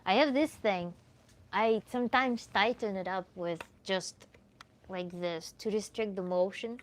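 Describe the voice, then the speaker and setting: A native Russian speaker with a Russian accent, a tantra coach, answers viewers in a livestream Q&A. She is relaxed and chatty, laughs often, and uses many "like" fillers. Her voice is medium-pitched and a little slow.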